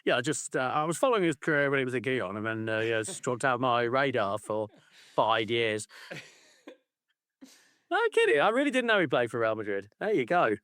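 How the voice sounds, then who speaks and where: A man's voice: medium pitch, lively intonation, a little fast, fairly bright tone, no echo, studio quality. A man co-hosting a casual football podcast, ranting playfully and swearing freely. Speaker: podcast co-host.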